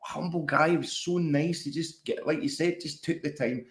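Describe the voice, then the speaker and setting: A man's voice: a little high, normal speed, a crowd in the background. A man with a Scottish accent hosting a podcast in casual chat, reacting eagerly to his guest's story. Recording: echoey room.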